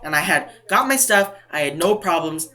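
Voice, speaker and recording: A young man from New England telling an animated, indignant storytime as a couponing vlogger. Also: on the high side, normal speed. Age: young adult. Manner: animated, indignant retelling, acts out quotes. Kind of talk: casual storytime vlog.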